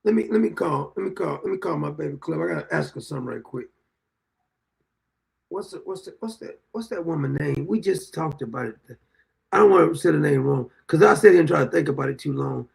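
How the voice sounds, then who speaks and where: A man's voice: a little high, lively intonation, brisk, gravelly. A man in his sixties hosting a political commentary show, ranting and mocking his targets with frequent laughter. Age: 60s.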